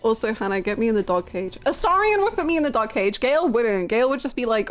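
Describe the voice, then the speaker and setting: A woman's voice: on the high side, sing-song, quick pace, soft background music. A woman game streamer chatting casually with viewers, laughing often and swearing freely.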